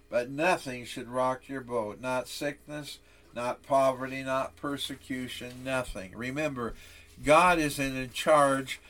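A man's voice: mid-range voice, fairly bright tone. A male preacher telling a solemn story, then delivering a sermon.

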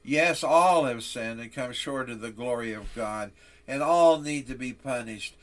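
A man's voice: medium pitch, measured pace, fairly bright tone. A male preacher telling a solemn story, then delivering a sermon.

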